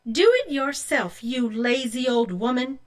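A woman's voice: sits high, big pitch swings, a little slow, a bit bright, pitched above the performer's own voice, full character voice. A woman voicing a rude, greedy young girl in a storybook, talking in a snippy, demanding way.

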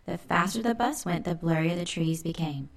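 A woman reads a children's storybook aloud with lively expression. Her voice sits a little low. The telling is clear and paced for young listeners. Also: normal speed. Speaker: narrator.

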